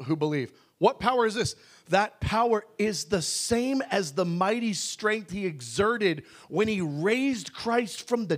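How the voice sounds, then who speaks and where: A man preaching a sermon, animated, swinging from low asides to shouted emphasis and laughing mid-sentence. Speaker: pastor.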